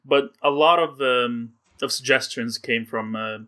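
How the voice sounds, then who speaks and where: A man who makes games chats about his work in a relaxed, amused way. His voice is bright and forward, with a middling pitch. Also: measured pace. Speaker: game developer. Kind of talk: casual chat.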